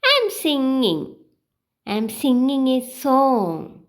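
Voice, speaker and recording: A woman teaching beginners, reading short example sentences one by one in a slow, clear, sing-song way. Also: high voice, sing-song. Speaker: English teacher.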